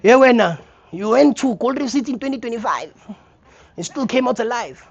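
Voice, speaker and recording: A man's voice: extremely high pitch, a little fast, creaky, breathy edge, dull audio. A young man with a South African accent performing a stand-up comedy set, acting out scenes as he tells stories. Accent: South African English. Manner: animated storytelling, acts out scenes. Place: comedy theater stage.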